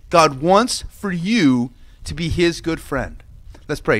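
Animated pastor telling a children's story. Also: male voice, high voice, moderate pace. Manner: lively storytelling with acted-out quotes. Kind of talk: children's sermon. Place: outdoor church service.

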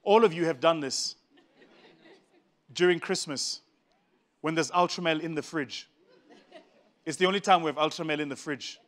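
A man with a South African accent telling a humorous story to a live audience in an animated, joking, conversational way. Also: a little high, moderate pace, pauses often.

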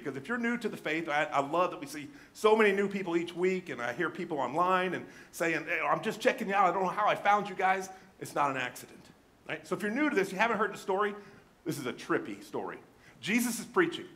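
A man preaching a sermon as pastor, telling a scripture story with energy and acting out the people in it. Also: high voice. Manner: animated storytelling, acts out scripture voices.

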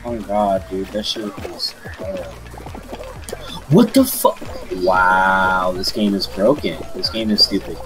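Excitable gamer guy, complains and laughs a lot, music behind. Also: low-pitched, takes it slowly, low-quality recording. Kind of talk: casual gaming chat.

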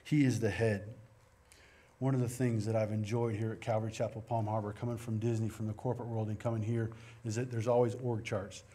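A man's voice: on the low side, little pitch movement, fairly quick, mellow, breathy edge. A middle-aged man preaching a sermon in a church, earnest and conversational, mixing scripture reading with personal stories. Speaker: pastor. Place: church sanctuary.

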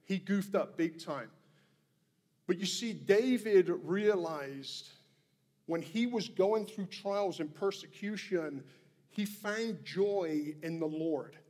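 A man's voice: sits high, slow pace, darkish tone. A male pastor preaching a sermon in a church, earnest and emphatic, repeating his key phrases. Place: church sanctuary. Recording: long hall reverb.

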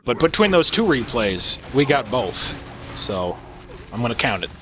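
Sarcastic man with lively pitch. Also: measured pace, slight background noise. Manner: sarcastic, profane, amused. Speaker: commentator. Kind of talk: gameplay replay commentary.

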